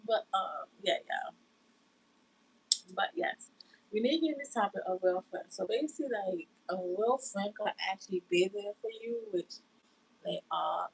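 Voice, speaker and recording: A woman's voice: medium pitch, moderate pace, gravelly, husky, low-quality recording. A woman chatting casually on a livestream from her bedroom, sitting on her bed, greeting viewers and rambling about friendship, saying y'all a lot. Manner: drawling, says y'all. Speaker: livestream host.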